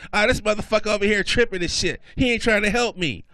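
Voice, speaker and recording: A comedian voicing a dim, cranky young woman who complains loudly in a high, shrill voice. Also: sing-song, brisk, no echo. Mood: indignant.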